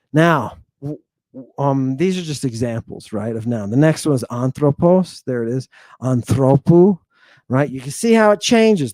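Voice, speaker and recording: A man teaching ancient Greek grammar in a casual, animated lecture, blunt and talking straight to his viewers. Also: a little high, no echo. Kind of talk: casual lecture over slides.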